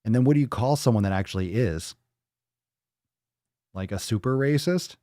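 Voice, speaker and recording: A man's voice: mid-range voice, moderate pace, dark tone, no echo, studio quality. A man hosting a casual livestream, talking bluntly and rambling, swearing freely as he reads and answers viewer comments. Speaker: livestream host.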